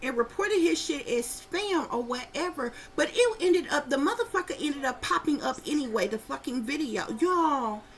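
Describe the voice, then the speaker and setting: A middle-aged woman and psychic reader, telling viewers a story in a casual, profane and animated way while calling out to her audience. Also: high voice, moderate pace, few pauses.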